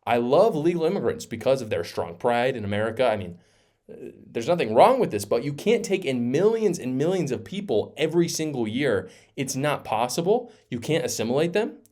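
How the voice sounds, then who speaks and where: A man's voice: mid-range voice, very animated, fairly quick, darkish tone. A man giving emphatic, sarcastic opinion commentary as host of his own show. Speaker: political commentator.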